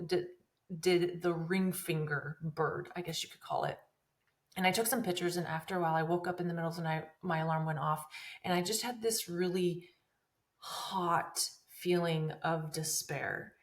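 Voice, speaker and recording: A woman in her thirties hosting a podcast, telling a personal story in an emotional, earnest way that rambles with many restarts. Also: fairly low pitch. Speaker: podcast host.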